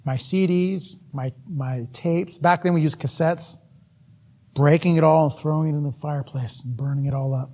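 Brief: animated male preacher, husky tone, storytelling sermon. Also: a little high, normal speed.

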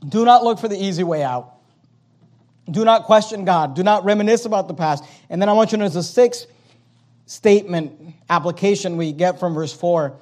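High-voiced, animated preaching man. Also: moderate pace. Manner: animated preaching, quoting King James scripture, acting out complaining voices. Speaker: pastor. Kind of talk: sermon.

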